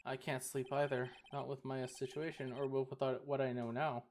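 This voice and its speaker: A woman streamer voicing the lawyer in a game, expressive and swearing freely. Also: a bass voice, moderate pace. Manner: expressive, swearing, laughs at herself. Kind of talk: live-stream game dub reading.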